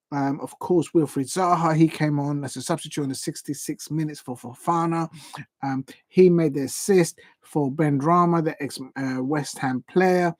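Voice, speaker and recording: Hosting a live watch-along of football, a man with a slightly high, dark-toned voice runs through the day's results, chatting and rambling and tripping over the names of players and clubs. The recording is dry.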